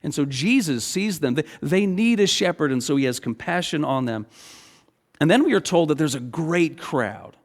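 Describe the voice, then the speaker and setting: A middle-aged man preaching a sermon as pastor, talking in a loose, animated, conversational way and often checking in with "okay?". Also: fairly high pitch, normal speed.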